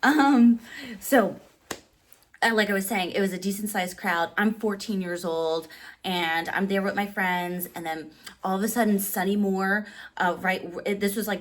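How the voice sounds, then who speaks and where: A woman in her thirties telling a personal story in casual vlog style, animated and full of "like", acting out quotes with sudden pitch jumps. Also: moderate pace. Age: 30s. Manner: animated, heavy use of "like". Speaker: vlogger.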